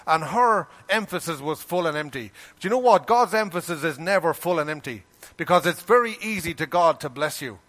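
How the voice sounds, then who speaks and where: A male preacher with a fairly high voice delivers a sermon with emphasis. He keeps asking his listeners rhetorical questions and slips into the voices of the people he quotes. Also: a bit bright.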